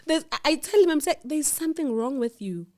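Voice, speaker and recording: A woman telling a personal story as a guest, animated and acting out the quoted dialogue. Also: high voice, a little fast. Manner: animated, acts out quoted dialogue, laughs in disbelief.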